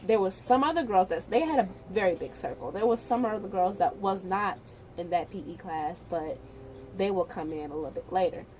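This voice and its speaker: Woman vlogger, casual storytime, chatty and animated, mid-range voice. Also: medium pitch, fairly quick, slight background noise. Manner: animated, chatty retelling with repeats.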